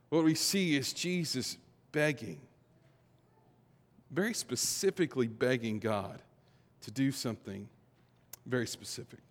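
A man preaching a conversational sermon, moving between quiet reflective passages and louder emphatic stretches. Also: medium pitch. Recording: long hall reverb.

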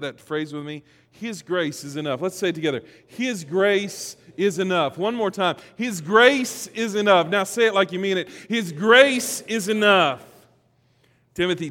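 A man's voice: fairly high pitch, fairly bright tone. A male pastor preaching a sermon in a folksy, joking way, leading his congregation to repeat phrases back. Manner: folksy, jokes, leads congregation in call-and-response. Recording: long reverb of a large hall.

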